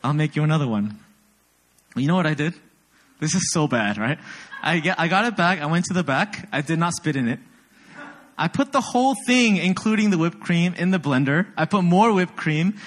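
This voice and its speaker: Animated young man preaching with lively pitch. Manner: animated storyteller, self-deprecating, asks the audience often. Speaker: pastor. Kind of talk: sermon.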